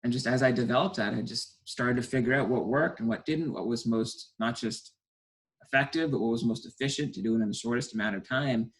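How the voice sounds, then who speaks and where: A man's voice: medium pitch, fairly quick, rough recording. Young man telling stories eagerly. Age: 20s. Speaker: stage hypnotist guest. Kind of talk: casual interview talk.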